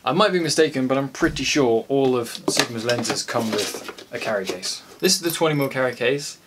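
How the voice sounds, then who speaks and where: A man's voice: medium pitch, lively intonation, fairly quick, heavy background noise. An English man casually reviewing a camera lens in a rambling, jokey, sweary vlog chat.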